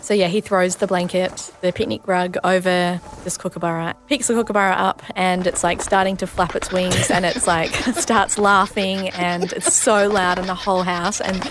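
A woman's voice: fairly low pitch, fairly even intonation, background noise. A woman in her thirties, a nurse and mother, telling a story in a casual interview, full of "like" and "you know". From Australia. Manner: chatty, lots of "like" and "you know", quick asides.

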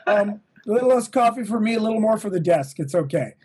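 A middle-aged man, a touring drummer, talking as an interview guest in an energetic, motivational way, swearing now and then. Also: high voice, quick pace, husky. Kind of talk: casual interview. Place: home, at a desk.

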